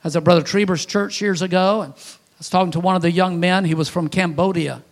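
A high-voiced man preaches a sermon in a folksy, storytelling way. He piles up rhetorical questions and swings between loud and hushed delivery. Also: fairly even intonation, quick pace. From Louisiana, USA.

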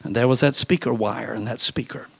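A man's voice: medium pitch, a little fast, creaky, a bit bright, breathy edge, long reverb tail. A male preacher telling humorous stories in a confiding, joking way. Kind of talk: storytelling sermon.

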